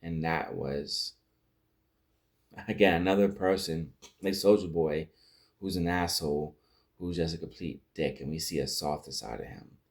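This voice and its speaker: In an extremely low-pitched voice at a measured pace, a show reviewer offers casual commentary on a TV episode. He recaps scenes in a rambling way, with restarts and lines acted out.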